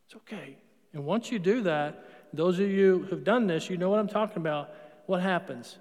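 A man's voice: high voice, normal speed, darkish tone, in a large hall. A man preaching a sermon as a Catholic priest, talking conversationally and putting questions to the congregation before answering them. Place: church.

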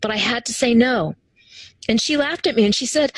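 A woman's voice: fairly high pitch, a little fast, dry recording, low-quality recording. A woman guest in a casual interview, talking animatedly and acting out quoted voices as she tells her stories. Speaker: interview guest, human design teacher.

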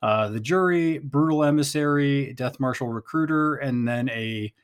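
A man's voice: mid-range voice, normal speed. A man co-hosting a podcast, casually asking questions and listing game pieces in an easygoing way. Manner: easygoing, asks questions, lists items. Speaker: podcast co-host. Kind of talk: casual game recap chat.

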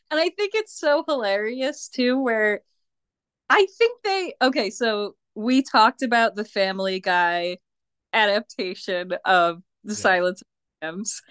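A woman guest on a podcast, chatting casually in an unhurried way and laughing often. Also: on the high side, fairly bright tone, smooth, dry recording, studio quality. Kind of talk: casual chat.

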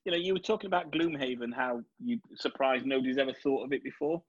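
Yorkshire guy chatting as a guest, husky, dry dullish sound, jokey. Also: medium pitch, no echo, dull audio. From Yorkshire, England. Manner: chatty, jokey, quick to laugh. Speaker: guest, board game reviewer. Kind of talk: casual chat.

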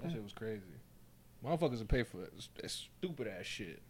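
A man from Florida co-hosting a casual podcast, recalling things in a relaxed, wry, slangy way. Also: lowish voice, fast, husky. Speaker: podcast co-host. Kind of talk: casual chat.

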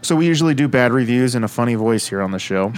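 A man's voice: mid-range voice, animated, fast talker. A man co-hosting a casual chat, playful and joking. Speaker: co-host.

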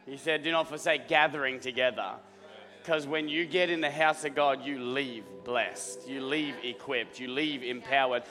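A man preaching as lead pastor, his voice rough and hoarse, rallying the congregation and clearing his throat often. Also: medium pitch, fairly even intonation, a little slow, few pauses, bright, forceful tone. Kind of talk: sermon. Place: church auditorium. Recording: hall reverb with faint music.

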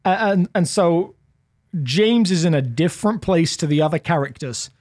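A man's voice: on the high side, animated, normal speed, a little mellow, dry recording, clean studio sound. A man with an English accent, a pastor talking casually and thoughtfully on a podcast. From England. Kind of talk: casual chat.

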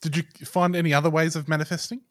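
A man's voice: on the high side, flat delivery, rapid-fire, dry recording, clean studio sound. A man co-hosting a casual podcast chat, bantering in a joking, laid-back way. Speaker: podcast co-host. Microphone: close podcast mic.

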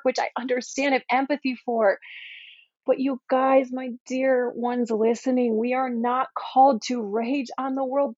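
Earnest woman with a higher voice. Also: a little mellow, no room sound. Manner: earnest, pleading, pastoral. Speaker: Christian podcast host. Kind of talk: earnest faith talk to listeners. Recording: dry, slightly dull recording.

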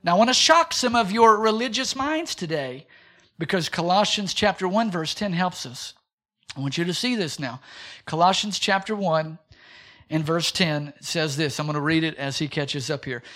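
A man's voice: on the high side, normal speed. A man preaching a sermon in a church, reading scripture and joking with his congregation. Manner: humorous, animated preaching. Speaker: pastor.

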